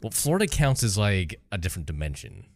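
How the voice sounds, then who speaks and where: A man's voice: deep voice, very animated, fast talker, gravelly, darkish tone, no echo. A man co-hosting a podcast, chatting casually and cracking jokes. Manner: joking, wisecracking. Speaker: podcast co-host. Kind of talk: casual chat.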